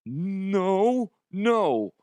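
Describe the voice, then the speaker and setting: A man's voice: medium pitch, very animated, a little slow, fairly bright tone, no echo. A man voicing a flustered young male intern who stammers in a panic.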